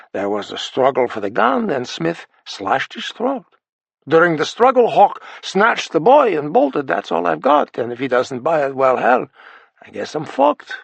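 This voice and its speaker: Figure: a man doing a calm, matter-of-fact ally. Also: on the high side, gravelly, breathy edge, no room sound, pitched above the performer's own voice, exaggerated voice.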